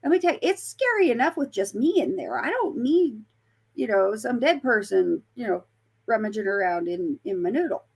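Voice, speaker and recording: Gravelly, husky woman telling a story. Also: fairly high pitch, expressive, moderate pace. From Colorado. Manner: chatty, many fillers and self-corrections. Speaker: paranormal investigator guest. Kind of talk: casual storytelling interview.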